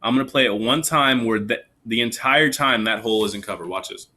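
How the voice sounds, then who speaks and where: A man's voice: mid-range voice, brisk, heavy background noise. A man teaching young children a recorder lesson, patient and encouraging, counting the beats aloud with them. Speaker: elementary music teacher. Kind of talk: recorded online music lesson.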